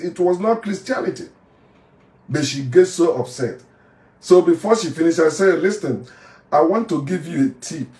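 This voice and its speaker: A Nigerian man with a fairly high voice delivers a combative, preachy rant, circling back to the same phrases again and again. He sounds set back from the microphone, and his words ring around a reverberant room. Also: a little mellow. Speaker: former pastor turned online commentator. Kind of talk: heated monologue rant to camera. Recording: echoey room, voice from a distance off the mic.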